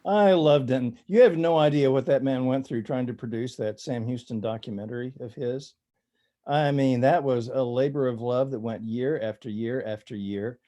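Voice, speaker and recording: A man, a guest author on a podcast, telling anecdotes in a relaxed interview. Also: medium pitch. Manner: warm, anecdotal storyteller. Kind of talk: casual interview.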